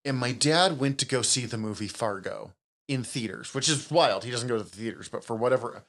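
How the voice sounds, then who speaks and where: A man's voice: medium pitch, a bit bright. Laughing, loose-talking man hosting a podcast. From Upper Midwest of the United States. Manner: loose, swearing, quick to laugh. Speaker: podcast host. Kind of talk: casual chat.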